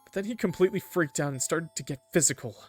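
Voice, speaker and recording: A man putting on a shrill, whiny teen girl. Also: expressive, fast, breathy edge, soft background music. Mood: indignant. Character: volatile teenage girl, whiny and defensive.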